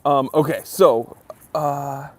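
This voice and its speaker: A man's voice: mid-range voice, fairly even intonation, slow, a little mellow. A young man hosting a casual live stream Q&A, reading viewer comments aloud and chatting with lots of fillers. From near New York.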